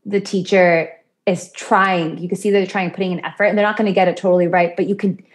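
A woman's voice: lowish voice, little pitch movement, fairly quick. A woman guest on a podcast, talking in a chatty way about chanting practice, laughing now and then. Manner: chatty, laughs often, acts out quoted voices. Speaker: podcast guest, yoga and mantra teacher. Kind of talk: conversational interview.

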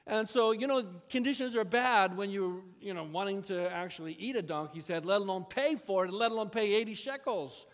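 A man's voice: high voice, brisk, few pauses. A male pastor preaching a sermon in a church, talking in a conversational, folksy way with asides to the congregation. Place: church sanctuary. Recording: long reverb of a church hall.

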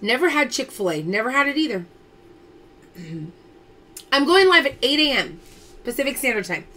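A woman's voice: high voice, very animated, normal speed, pushed and bright. A woman hosting a casual live-stream pearl sale from home, chatting and reading out viewer names as she calls results.

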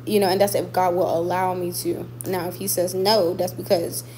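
A woman's voice: on the low side, level tone, moderate pace, mellow, slight background noise, low-quality recording. A woman boxer chatting casually with her viewers, emphatic and repeating points for stress. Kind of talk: casual livestream chat with viewers.

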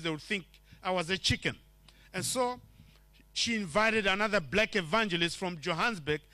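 A man's voice: high-pitched, sharp tone, dry recording. A man from Zimbabwe telling his life testimony in a church, as a storytelling sermon that acts out the lines of the people he quotes. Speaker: preacher sharing his testimony.

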